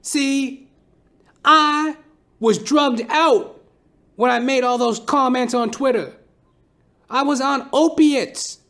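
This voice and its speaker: A man doing an impression of a famous male rapper, ranting in a preachy, emphatic, drawn-out way. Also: extremely high pitch, fairly bright tone, voice pushed up, exaggerated voice.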